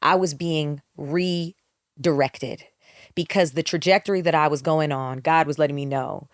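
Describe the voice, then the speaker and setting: A woman's voice: low-pitched, measured pace, dry recording. Candid woman telling her story, dry mic. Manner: candid, reflective storytelling with many restarts. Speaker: guest singer. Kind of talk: podcast interview.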